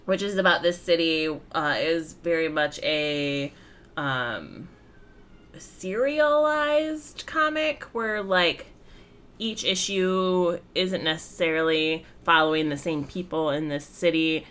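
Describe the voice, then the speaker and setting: Her voice sits low yet smooth and a bit bright, with lively intonation and a slow pace. As a comics-reviewing podcast co-host, she talks casually, rambling along with easy laughter.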